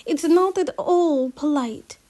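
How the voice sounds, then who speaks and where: A woman's voice: sits high, slow pace, mellow, voice pushed up. Woman voicing an eager, polite young girl. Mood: scolding, polite.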